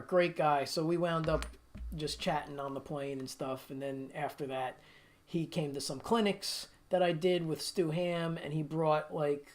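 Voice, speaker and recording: A middle-aged man hosting a guitar livestream, chatting casually and telling stories with frequent laughter. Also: on the high side. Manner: chatty storyteller, laughs often.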